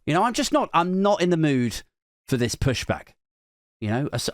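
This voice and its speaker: A man, a podcast host telling a comic story in a sweary, animated way, acting out other people's voices. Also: a little high, brisk, no room sound, clean studio sound. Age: 40s.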